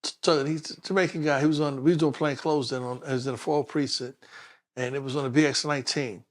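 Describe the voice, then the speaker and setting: A man, a former detective from New York, telling stories in a casual interview, animated and acting out what people said. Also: mid-range voice, fast talker. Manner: animated storyteller acting out quotes with laughs. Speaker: guest, former police detective.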